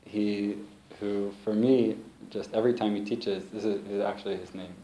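A man giving an informal talk to a small group, telling stories in a relaxed way and laughing often. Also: fairly low pitch, normal speed. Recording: roomy, faint background hiss.

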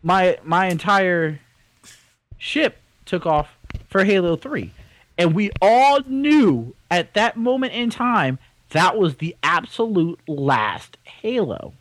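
A man co-hosting a casual podcast, talking in an animated, rambling and opinionated way. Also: sits high, slow pace, no room sound, rough recording. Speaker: podcast co-host. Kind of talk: casual chat.

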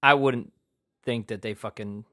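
A man's voice: lowish voice, steady tone, measured pace, bright, forceful tone. A man from Chicago with a Chicago accent, co-hosting a podcast in casual chat, rambling with lots of fillers and swearing. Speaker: podcast co-host.

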